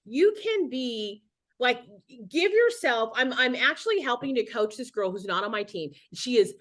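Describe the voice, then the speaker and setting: A woman's voice: on the high side, lively intonation, normal speed, a bit bright. A middle-aged woman giving a casual motivational talk on a video call as a guest speaker, chatty and rambling with many restarts.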